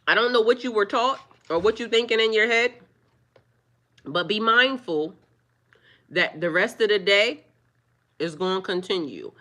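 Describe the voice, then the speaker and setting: A woman talking live to her viewers, firmly scolding trolls in a preachy, drawn-out way. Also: medium pitch, fairly bright tone. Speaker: livestreamer. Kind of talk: live-stream chat with viewers.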